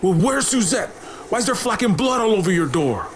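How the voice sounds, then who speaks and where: A man's voice: high-pitched, very animated, fairly quick, background noise. A man voicing a nervous, blunt social worker in a video game, who blurts things out and then apologizes.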